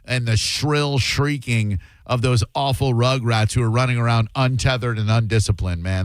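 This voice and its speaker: A man's voice: medium pitch, moderate pace, few pauses, clean tone, no echo. A man hosting a radio talk show, chatting casually with sarcastic asides. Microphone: studio microphone.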